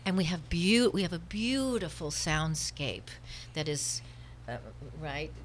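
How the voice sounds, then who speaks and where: A woman's voice: on the low side, animated, takes it slowly, slight background noise. An actress in a casual studio interview, chatty and restarting her sentences. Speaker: stage actress.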